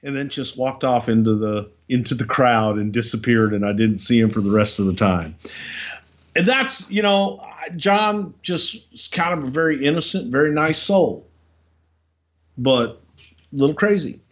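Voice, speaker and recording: A man's voice: mid-range voice, lively intonation, moderate pace, muffled recording. A man co-hosting a podcast, telling stories in a rambling, chatty way. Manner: rambling, with many fillers and restarts. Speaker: podcast co-host. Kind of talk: casual storytelling chat.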